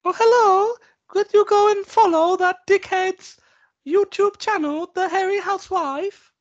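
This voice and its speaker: A man putting on a high-pitched, overly polite impression of his wife. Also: fairly even intonation, unhurried, muffled recording. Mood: sugary. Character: high-pitched prim housewife, adult woman.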